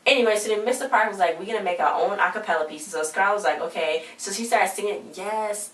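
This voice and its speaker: A woman casually recapping a TV episode, chatty and full of slang, acting out the characters' lines as she retells the scenes. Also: fairly low pitch. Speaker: recap vlogger. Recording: roomy, distant home mic with faint noise.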